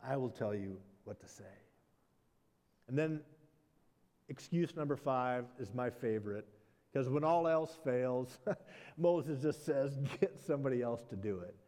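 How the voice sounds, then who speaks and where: Pastor preaching in an echoing hall. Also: male voice, medium pitch, slow, pauses often. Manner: conversational, animated retellings with self-deprecating asides. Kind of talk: sermon.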